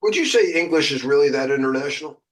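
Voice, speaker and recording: American instructor, man, higher voice, animated, rambles with uhs and ums. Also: fast. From United States. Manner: chatty, jokey, lots of uh and um. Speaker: cybersecurity exam instructor. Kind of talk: casual teaching chat.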